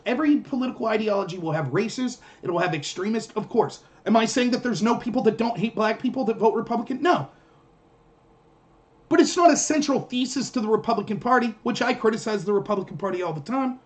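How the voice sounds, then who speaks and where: A man hosting a political livestream, heatedly and sarcastically answering comments from his chat. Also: high-pitched. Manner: combative, sarcastic, ranting.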